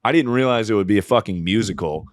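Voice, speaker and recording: A man's voice: on the low side, lively intonation, fast, no echo, clean studio sound. A man co-hosting a casual comedy podcast, ranting profanely and breaking into mocking voices. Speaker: podcast co-host.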